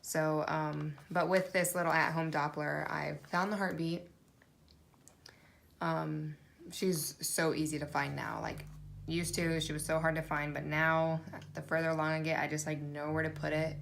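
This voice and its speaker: A woman's voice: deep voice, little pitch movement, normal speed, creaky, a bit bright, slight background noise. A woman chatting casually in a vlog, rambling with lots of fillers and restarts. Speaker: vlogger. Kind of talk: casual pregnancy update vlog.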